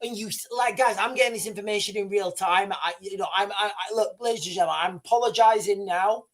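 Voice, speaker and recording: A man hosting a livestream, reading breaking news aloud live. He is excitable, swears freely, and stammers and restarts his sentences. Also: high voice, fast talker. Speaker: livestream host.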